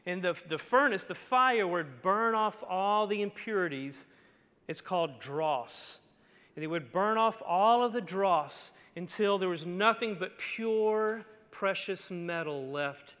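A male pastor preaching a sermon, telling the story dramatically and swinging from hushed lines to shouts. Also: high-pitched, animated, slow. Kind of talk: expository sermon. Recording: long hall reverb.

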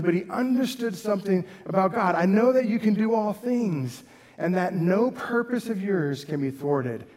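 A man's voice: high voice, darkish tone, big-room sound. A man preaching a sermon as pastor, earnest, rising and dropping his voice for emphasis. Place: church sanctuary.

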